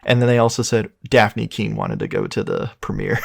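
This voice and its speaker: Excitable swearing man, dry close sound. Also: on the low side, moderate pace, gravelly, no echo. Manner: excitable, swears freely, laughs often. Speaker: podcast co-host. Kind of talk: casual film review chat.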